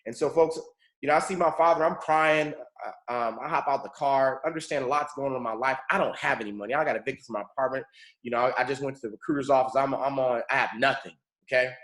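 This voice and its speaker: A man's voice: mid-range voice, fast talker, a bit bright. A man from California leading a morning mentorship call, telling a personal story in an earnest, motivational way and often calling his listeners folks. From Pomona, California. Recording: roomy echo.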